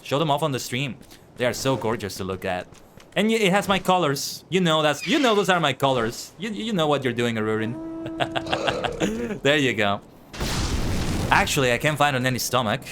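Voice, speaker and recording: A man's voice: mid-range voice, lively intonation, moderate pace, background noise. Chatty young male game streamer. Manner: chatty, talks to chat. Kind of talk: livestream gameplay commentary. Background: game music.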